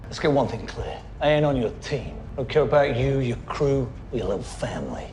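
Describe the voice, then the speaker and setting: A man's voice: mid-range voice, expressive, fairly quick, a little mellow, lightly acted. An actor playing a resentful, dismissive male crewman in a game voice pack, with faint hiss behind. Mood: surly. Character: surly hostile male crewman.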